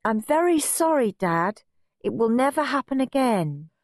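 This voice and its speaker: A prim, whiny little boy from a storybook, high-pitched and snivelling, dragging his words out slowly, as a woman reader puts him on. Dry, close sound. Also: very animated, no room sound. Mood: prim, pleading.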